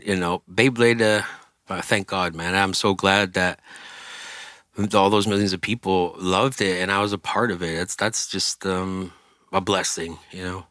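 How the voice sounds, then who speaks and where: Animated, low, bright-toned male storyteller. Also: clean tone, no echo, studio quality. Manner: animated, acts out quoted voices, swears freely. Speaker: singer and interview guest. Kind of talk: casual storytelling.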